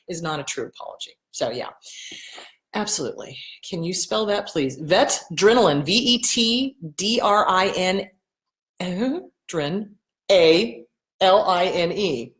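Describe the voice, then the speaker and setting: Woman, middle-aged, fairly low voice, blunt, animated, echoey room. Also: normal speed. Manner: blunt, animated, swearing, acts out quoted voices. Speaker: host answering viewer questions. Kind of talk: casual live Q&A.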